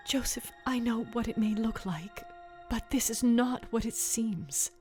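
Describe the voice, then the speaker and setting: A man voicing a soft-spoken young woman. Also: very high-pitched, measured pace, faint music behind, pitched above the performer's own voice. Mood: pleading. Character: young woman, gentle and pleading. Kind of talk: dramatized Bible story reading.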